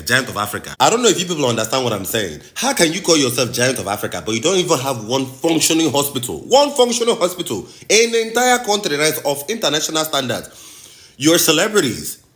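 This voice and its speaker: A Nigerian man delivers a passionate commentary with a bright, forceful tone. His pitch swings widely as he repeats phrases and presses each point like a sermon. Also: big pitch swings, fast. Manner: impassioned, rhetorical, preachy, repeats phrases for emphasis. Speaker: host.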